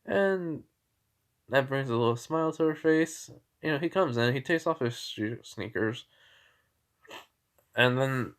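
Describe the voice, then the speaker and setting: A man casually retelling a fan-fiction story in a rambling, halting way, with lots of fillers and restarts. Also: mid-range voice, fairly bright tone.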